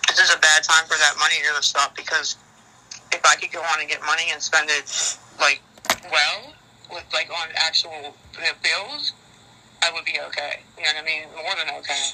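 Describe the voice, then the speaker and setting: A woman's voice: low-pitched, steady tone, moderate pace, background noise. A woman on a phone call, talking frankly and rambling with worry, swearing often. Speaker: caller in a leaked phone call. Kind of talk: casual phone chat.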